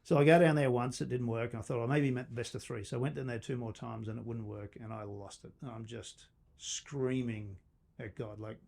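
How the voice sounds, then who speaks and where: A man's voice: mid-range voice, fast, vocal fry, hardly any pauses. A middle-aged man, a company founder, telling a long personal story on a podcast, laughing and acting out the lines of the people in it. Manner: animated storyteller, laughs often, acts out quotes.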